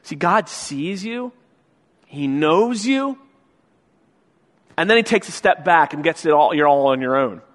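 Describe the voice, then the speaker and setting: A male pastor giving a sermon, telling a story in a conversational way that builds into loud, emphatic stretches. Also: a little high, moderate pace, pauses often. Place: large church sanctuary. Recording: long church-hall reverb.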